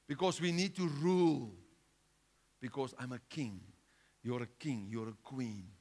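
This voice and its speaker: A male pastor preaching a sermon, driving his points home with rhetorical questions and swinging between loud outbursts and hushed lines. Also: on the high side, moderate pace.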